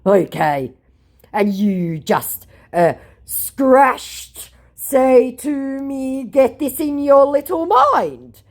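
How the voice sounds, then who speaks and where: A woman voicing a teenage male scammer who speaks broken English and gets defensive, halting and repeating himself. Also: high-pitched, lively intonation, gravelly, pitched above the performer's own voice, exaggerated voice. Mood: huffy. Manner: halting, repetitive, indignant.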